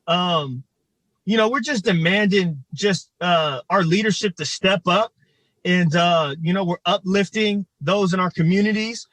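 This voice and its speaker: A man from Ohio, a community organizer speaking outdoors, choked up and halting with many fillers. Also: high-pitched, a bit bright, no room sound, low-quality recording. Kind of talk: livestreamed protest testimony. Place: outdoors in front of a state capitol.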